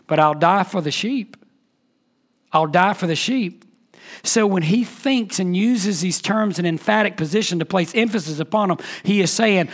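A man preaching a sermon as pastor, impassioned, swinging between loud emphatic peaks and soft hushed lines. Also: high voice, moderate pace.

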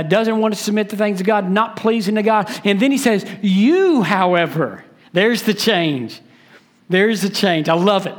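Emphatic preaching man. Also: sits high. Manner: emphatic preaching, varying pace, repeats words for stress. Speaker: pastor. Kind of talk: sermon.

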